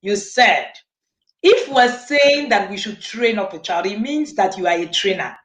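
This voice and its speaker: A woman's voice: medium pitch, animated, a little slow, a bit bright, reverberant. A woman hosting and moderating a panel discussion, reflective and affirming, often humming in agreement. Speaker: host and moderator.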